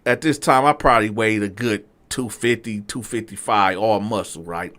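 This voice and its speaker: A man casually telling his own story to viewers in slangy talk, swinging from low asides to loud outbursts. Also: moderate pace.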